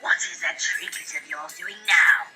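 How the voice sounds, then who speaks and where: A man's voice: a little high, moderate pace, bright, forceful tone, soft background music. A man voicing a scheming male villain in a video clip, asking suspicious questions.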